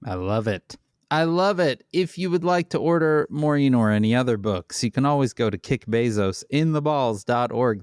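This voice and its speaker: A male podcast co-host chatting through plugs with a loose, joking manner. His voice is smooth and his pitch moves a lot. The sound is close and dry. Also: dry recording. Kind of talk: casual podcast chat and sponsor read.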